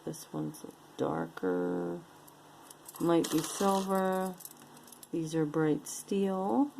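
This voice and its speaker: Slow, low-voiced woman chatting casually. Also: dark tone, slight background noise, low-quality recording. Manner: chatty, describes each piece, playful sing-song asides. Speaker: jewelry unboxing vlogger. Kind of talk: casual show-and-tell commentary.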